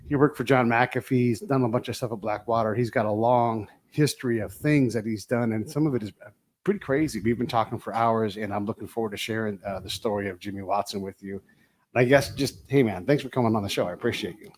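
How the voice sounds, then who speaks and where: Brief: male podcast host, slightly low voice, easygoing slang, recorded in a home. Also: fast talker. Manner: laid-back, slangy, upbeat. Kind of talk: casual interview. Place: guest's home.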